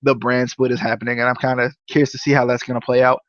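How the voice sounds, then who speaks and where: A young man hosting a casual wrestling review podcast, rambling and stammering, often repeating words when he gets excited. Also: medium pitch, fast talker, no room sound, muffled recording. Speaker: podcast host.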